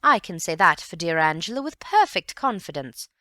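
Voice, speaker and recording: A woman's voice: on the low side, very animated, moderate pace, bright, forceful tone, no room sound, studio quality. A woman voicing a gossipy, self-important middle-aged mother in an audiobook, speaking emphatically. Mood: emphatic. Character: gushing, indignant middle-aged society mother. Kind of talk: audiobook character voice.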